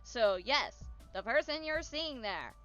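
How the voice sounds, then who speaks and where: A woman's voice: a little high, very animated, takes it slowly, a bit bright, dull audio, faint music behind. Bubbly, tired woman streamer. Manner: chatty, bubbly, yawning and tired. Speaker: VTuber streamer. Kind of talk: casual stream chat.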